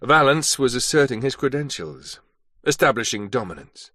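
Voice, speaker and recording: A man giving scripted audiobook narration in a steady, even manner. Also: medium pitch, moderate pace, dry recording, clean studio sound.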